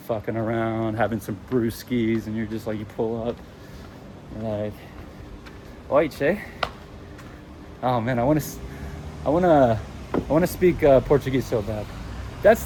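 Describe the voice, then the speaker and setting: Brief: chatty, opinionated male travel vlogger walking outdoors, handheld mic picking up clear traffic noise. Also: mid-range voice, a little mellow. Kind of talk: casual walking vlog. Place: city streets outdoors. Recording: street noise around the mic. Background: traffic and urban street noise.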